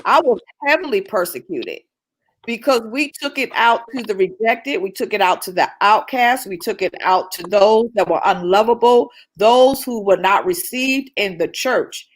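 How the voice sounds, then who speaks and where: Woman minister for a passionate talk, slightly higher voice, preachy repetition. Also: fairly bright tone, rough recording. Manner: fervent, preachy, repeats phrases. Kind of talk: impassioned church talk.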